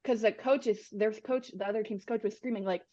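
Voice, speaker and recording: A young adult woman, a podcast guest, telling animated sports stories in casual chat, with lots of "like". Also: medium pitch, a little fast. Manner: animated, fills with "like". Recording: dull lo-fi sound.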